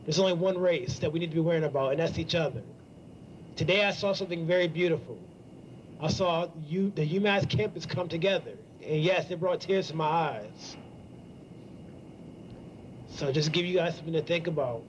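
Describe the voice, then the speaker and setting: A young man speaking to a campus gathering, earnest and halting, pausing often as he shares a personal reflection. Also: a little high, lo-fi sound, a little hiss or hum. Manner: earnest, halting, with many ums and pauses. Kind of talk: heartfelt spoken reflection.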